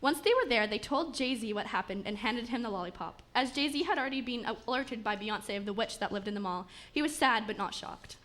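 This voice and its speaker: A woman's voice: a little high, animated, brisk, hardly any pauses, a bit bright. A woman narrating a comic fairy tale aloud, with small stumbles and restarts as she reads. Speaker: story narrator. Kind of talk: reading a comic story aloud.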